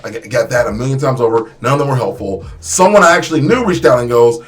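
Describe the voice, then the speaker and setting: A young man telling his story in a casual vlog, animated and emphatic, with many restarts and repeated phrases. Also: medium pitch, quick pace. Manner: animated, acts out quotes with voice shifts. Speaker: YouTuber.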